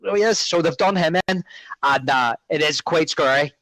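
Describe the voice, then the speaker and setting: A man's voice: on the high side, moderate pace, no room sound, rough recording. A man co-hosting a podcast, chatting casually about a film and acting out its lines. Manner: animated, quotes film lines in character. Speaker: podcast co-host.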